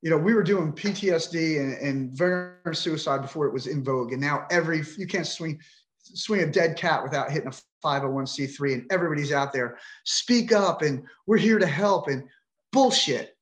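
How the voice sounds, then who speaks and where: A man's voice: on the high side, fairly quick, roomy sound. A middle-aged man telling his own story on a podcast, emotional, frustrated and indignant, with frequent swearing. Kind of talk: emotional personal account.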